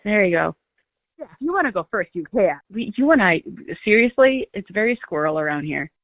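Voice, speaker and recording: A woman's voice: mid-range voice, very animated, no room sound. A woman hosts a casual chat, joking and laughing easily. The audio is dry and narrow, like a phone line. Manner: chatty and joking, quick laughs. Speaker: channel host.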